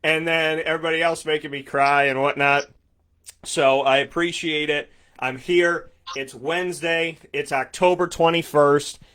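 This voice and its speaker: A man's voice: fairly high pitch, steady tone, a little slow, fairly bright tone, clear, resonant tone. A man in his thirties from upstate New York hosting a morning sports talk show, upbeat and effusive, repeating words for emphasis. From Syracuse, New York. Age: 30s. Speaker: sports radio host.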